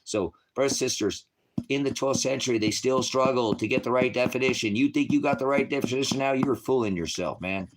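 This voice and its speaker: A middle-aged man giving an informal sermon, rambling and blunt, swinging from quiet talk to loud, forceful preaching. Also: medium pitch, brisk, background noise.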